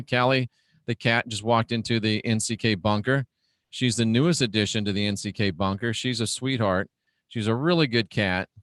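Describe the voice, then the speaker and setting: A man's voice: mid-range voice, a bit bright, clear, resonant tone, no room sound. A middle-aged man hosting a casual spiritual livestream from his home studio, earnest and effusive, repeating his phrases. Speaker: host.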